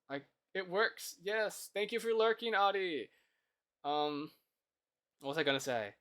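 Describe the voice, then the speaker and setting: A live streamer greeting viewers and thanking them, humming and mumbling quietly between remarks while coding at a desk mic. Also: mid-range voice, animated, a little slow, pauses often, clear, resonant tone. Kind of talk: casual chat while coding.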